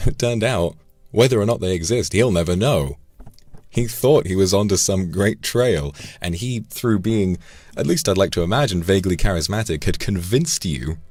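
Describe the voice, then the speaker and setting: A man's voice: deep voice, lively intonation, moderate pace, a little mellow, no echo. A man casually chatting on a livestream, swearing now and then and tripping over repeated words. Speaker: streamer.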